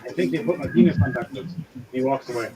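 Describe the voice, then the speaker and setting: A man's voice: medium pitch, fast, rough recording. A man narrating a tabletop game as game master, loose and crude, often laughing, over background music.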